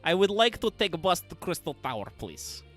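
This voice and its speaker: A man's voice: sits high, sing-song, a bit bright, soft background music. A man putting on a Russian accent to voice a polite, stiff foreign tourist serving as a juror in a game. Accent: put-on Russian. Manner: slow, stilted, formal phrasing.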